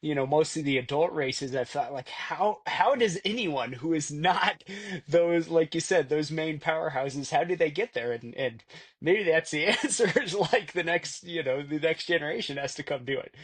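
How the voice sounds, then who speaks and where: Male podcast host, fairly high voice, halting and friendly questions. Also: animated, slightly rough. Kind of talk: casual podcast interview.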